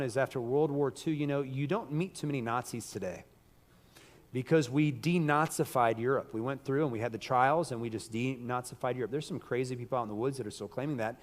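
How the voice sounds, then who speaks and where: A man preaching a sermon in a church, losing his voice, emphatic and breaking into loud bursts. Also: medium pitch, big-room sound. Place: church hall.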